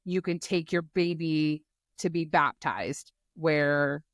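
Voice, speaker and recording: A woman co-hosting a casual book-club podcast, chiming in with quick, joking interjections and comparisons. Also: low-pitched, fairly even intonation, dry recording, studio quality. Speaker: podcast co-host.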